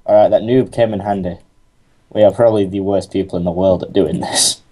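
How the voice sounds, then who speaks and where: A man's voice: low voice, steady tone, brisk, dark tone. A young man playing a game with a friend, teasing and sarcastic in casual chat. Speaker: co-host gamer.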